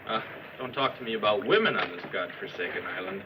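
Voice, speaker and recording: Grumbling lonely laborer, an actor playing him. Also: male voice, fairly low pitch, expressive, fast talker, highs cut off, natural voice. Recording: distant noisy old film soundtrack.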